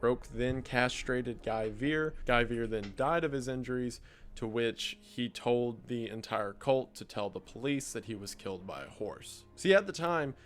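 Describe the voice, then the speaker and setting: A man narrating a documentary video from a script, in a steady, measured storytelling manner. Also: mid-range voice, faint music behind.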